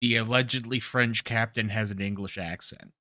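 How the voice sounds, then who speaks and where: A man's voice: fairly low pitch, fairly even intonation, moderate pace, sharp tone, dry recording, clean studio sound. A man co-hosting a podcast, chatting hesitantly and laughing easily. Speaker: podcast co-host. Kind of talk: casual chat.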